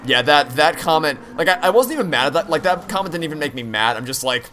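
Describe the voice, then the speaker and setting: A man's voice: fairly high pitch, lively intonation, fast talker, few pauses, bright, forceful tone, faint music behind. A young man streaming a game, rambling candidly with frequent restarts and profanity. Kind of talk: live-stream chat while gaming.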